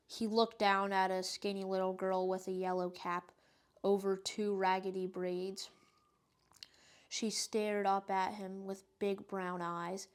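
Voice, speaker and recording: Woman reading a kids' story, flat. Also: mid-range voice, unhurried, clear, resonant tone. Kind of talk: reading a children's book aloud.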